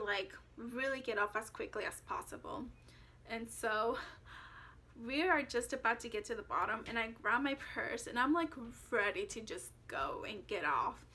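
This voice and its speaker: Young woman vlogging, chatty story, lots of likes, bright kinda high voice. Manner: chatty, lots of fillers, quoting herself. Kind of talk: casual storytelling.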